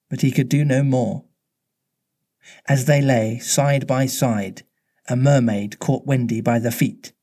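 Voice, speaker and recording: Man calmly reading a storybook aloud. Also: medium pitch.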